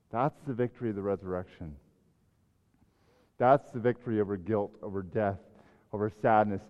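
Male preacher in a reverberant hall. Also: clean tone. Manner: swells loud and high on scripture, drops low and soft to reflect. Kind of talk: sermon. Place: church sanctuary. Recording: echoey hall, dull sound.

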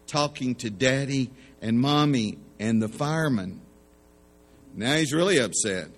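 A man with a mid-range voice preaches a sermon slowly, leaving long pauses. His style is folksy, full of jokes, and he acts out the voices in his anecdotes. A long hall reverb surrounds the recording.

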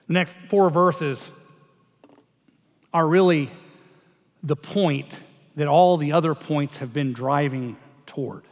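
A high-voiced man preaching in a large church sanctuary. He tells stories with animated energy and restarts phrases as he thinks aloud. The recording is a little dull, with a long hall echo trailing each line. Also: slow, pauses often. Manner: animated storytelling, acts out quotes, repeats words. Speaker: pastor. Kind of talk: sermon.

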